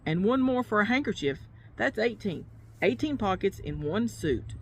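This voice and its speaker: A woman's voice: mid-range voice, animated, normal speed, a little hiss or hum, close to an everyday voice. Woman reading as Rabbit, a fussy bossy rabbit.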